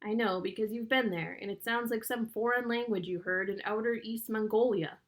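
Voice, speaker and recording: A woman's voice: fairly high pitch, steady tone, normal speed, close to an everyday voice. A woman voicing a cheeky, joking kid teammate in a teasing, pushy manner.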